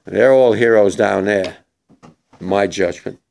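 Older man, gravelly and emotional. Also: lowish voice, darkish tone, slight background noise. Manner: emotional, halting, emphatic. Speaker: war veteran speaker. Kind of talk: memorial speech to students.

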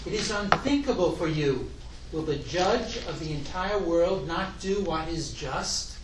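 A man with a high voice reads a passage aloud in a measured, formal way. He sounds far from the mic in an echoey room with faint noise behind. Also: lively intonation. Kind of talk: reading a text aloud.

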